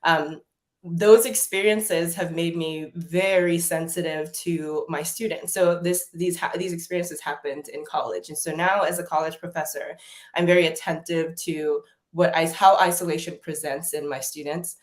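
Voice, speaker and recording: A woman from Nigeria, a college professor, telling personal stories as a guest in a casual conversation, expressive and lively as she recounts them. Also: low-pitched, moderate pace. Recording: roomy echo.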